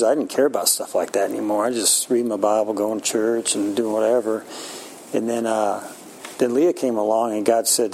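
A man in his sixties talking candidly about faith, self-mocking, with frequent halting restarts. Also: medium pitch, mellow, slight background noise, poor audio. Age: 60s. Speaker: Christian speaker. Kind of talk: casual faith talk.

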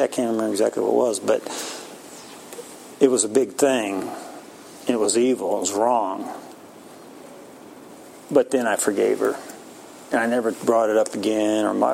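Gravelly man in his sixties. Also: medium pitch, a little mellow, a little hiss or hum, rough recording. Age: 60s. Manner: candid, self-mocking, halting restarts. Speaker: Christian speaker. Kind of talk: casual faith talk.

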